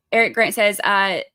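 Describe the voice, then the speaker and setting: A woman's voice: mid-range voice, pushed and bright. A woman with a Southern accent from Georgia, hosting a trial livestream in a chatty, upbeat way, reading viewer comments and explaining court steps plainly. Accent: Southern American (Georgia). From Georgia, USA. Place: indoors, away at the beach this week.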